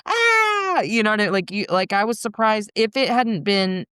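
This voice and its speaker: A middle-aged woman talks candidly as a guest, her voice smooth and clear in tone. She is blunt and swears freely, with laughs breaking through even the hardest parts. The sound is close and dry, with no room echo. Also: mid-range voice, moderate pace. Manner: frank, swears often, laughs through hard moments. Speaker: podcast guest. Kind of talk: candid conversational storytelling.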